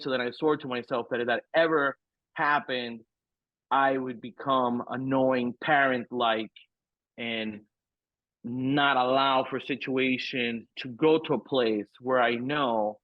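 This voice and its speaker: A mid-range male voice belongs to a middle-aged podcast guest who tells a frank, profane, rambling story, swearing freely and piling on fillers. There's no room sound, and the dry recording has a tinny, phone-like tone.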